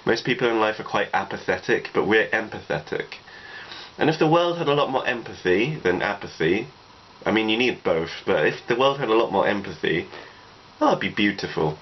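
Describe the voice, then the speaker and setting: A twenty-something vlogger with a lowish voice rambles through personal advice, animated and fairly quick. He says "you know" a lot in this reflective, casual monologue, captured in dull lo-fi audio with faint noise.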